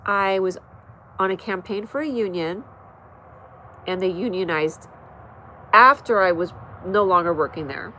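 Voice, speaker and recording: A woman's voice: mid-range voice, pushed and bright, slight background noise, rough recording. Chatty American woman hosting a live stream. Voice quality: stuffy nose. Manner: fast, chatty, talks to pets and viewers. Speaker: host of a live comedy stream. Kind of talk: casual live-stream chat. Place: home.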